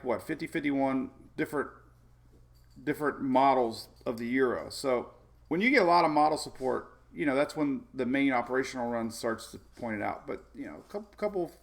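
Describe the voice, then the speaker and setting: Gravelly-voiced chatty weather host, man. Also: mid-range voice. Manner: rambling, chatty, laughs often, many fillers. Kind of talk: casual live weather talk.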